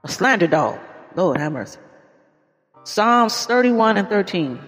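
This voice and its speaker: A man's voice: high-pitched, big pitch swings, unhurried, a bit bright. A man preaching an informal podcast sermon in a folksy, exclaiming way, often calling out praise. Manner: folksy, exclaims "Lord have mercy" and "Hallelujah". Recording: long reverb with faint music.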